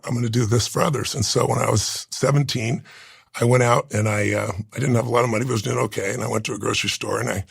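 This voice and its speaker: A man in his sixties with a gravelly, husky voice. He tells a deeply personal story in an interview, earnest and intense. The sound is dry and close to the mic. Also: fairly even intonation, fast talker, dry recording. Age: 60s. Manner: earnest, intense, rough gravelly voice, moved to tears. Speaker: interview guest.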